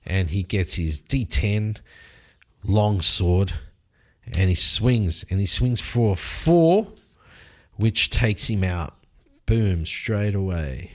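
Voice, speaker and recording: Slow-talking man narrating a solo tabletop game. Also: fairly low pitch. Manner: animated storytelling with sound effects.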